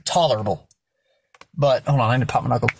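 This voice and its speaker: A man's voice: mid-range voice, fast, noisy background. A young man telling his personal backstory in a candid vlog, blunt and rambling, with lots of swearing. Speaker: vlogger.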